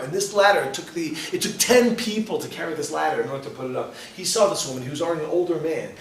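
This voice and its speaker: Joking rabbi teaching a live class. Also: male voice, a little high, slight background noise. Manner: joking, questions the audience directly. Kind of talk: lively class to a live audience. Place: lecture hall with audience. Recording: roomy, distant mic, faint ambience.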